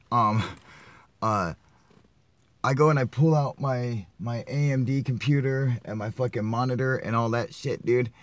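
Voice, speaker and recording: A man's voice: mid-range voice, a little hiss or hum. A man ranting casually to his viewers from his van, swearing constantly, rambling and laughing often. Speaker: vlogger. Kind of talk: casual rant to camera.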